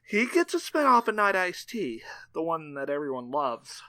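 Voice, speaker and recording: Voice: mid-range voice, very animated, normal speed, bright, forceful tone. A podcast co-host trading sarcastic quips in casual chat.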